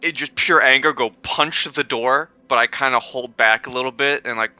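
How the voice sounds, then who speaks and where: A man's voice: mid-range voice, normal speed, pushed and bright, clean tone, no echo. A man playing a tabletop game, in a playful, defensive manner. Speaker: player.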